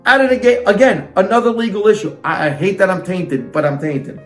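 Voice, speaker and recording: A man's voice: high voice, expressive, fairly quick, roomy sound, soft background music. A man reading a fairytale aloud and breaking off into sarcastic, indignant comic rants. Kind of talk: comic storybook reading with ranting asides.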